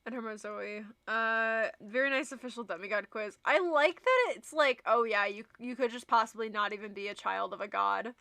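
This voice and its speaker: A young woman streaming live, chatting casually with her viewers and reading their messages aloud. Her voice is bright and fairly high. She laughs easily, and the sound is dry and close to the mic. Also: moderate pace, vocal fry, few pauses, no room sound.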